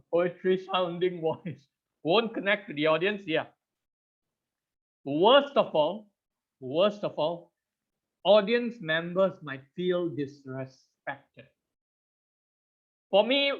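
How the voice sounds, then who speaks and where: A man in his thirties with a high voice leads a public speaking class over a video call. He is animated, laughs often and keeps asking the audience questions. The sound is dull and lo-fi. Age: 30s. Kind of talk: online class presentation.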